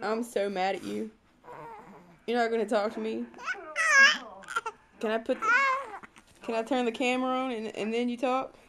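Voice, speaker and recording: A woman's voice: on the high side, level tone, normal speed, pauses often, heavy background noise. A woman who is sick and under the weather, filming at home with a handheld camera and teasing and coaxing her baby in playful baby talk. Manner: coaxing, teasing, sing-song.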